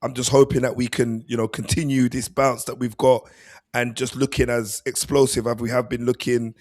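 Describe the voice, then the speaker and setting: A man, co-hosting a football podcast in casual chat on a video call, relaxed and chatty. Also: medium pitch, normal speed. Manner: laid-back, chatty, uses "mate" and "bruv". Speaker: podcast co-host, football pundit.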